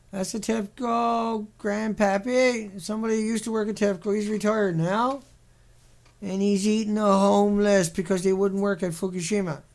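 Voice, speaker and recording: A man's voice: sits high, a little mellow. A man giving sarcastic, ranting commentary on a series of pictures, mocking and repetitive in his delivery. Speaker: video commentator.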